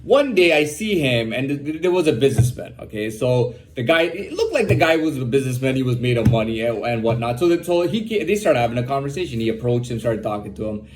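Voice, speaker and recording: A man's voice: mid-range voice, big pitch swings, fast talker, hardly any pauses, a little hiss or hum. Young man, casual monologue, rambling, repeats himself, says "man" a lot. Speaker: host.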